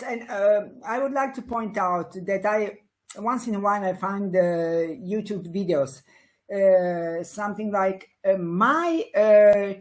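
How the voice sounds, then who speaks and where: Interview guest: woman, 60s, from Italy, lively and laughing, lots of fillers, mid-pitched. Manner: animated, laughs often, many fillers and restarts. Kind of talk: casual interview conversation.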